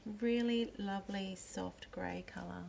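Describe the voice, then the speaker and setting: A woman walks through her pen collection at an unhurried pace, naming each one gently. Her voice sits at an ordinary middle pitch. Faint room noise stays in the background. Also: steady tone, vocal fry. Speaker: pen and ink channel host. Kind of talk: slow show-and-tell narration.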